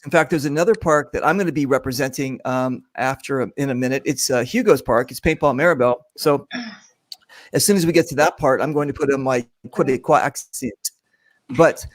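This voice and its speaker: A man's voice: on the high side, no echo. A man hosting a casual video-call paintball show, joking and rambling with many fillers. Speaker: host of a paintball talk show.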